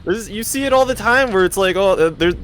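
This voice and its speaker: A man's voice: high-pitched, animated, brisk, fairly bright tone, a little hiss or hum. A young man co-hosting a casual gaming chat, telling stories in a rambling way full of fillers. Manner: rambling, filler-heavy storytelling. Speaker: streamer and co-host.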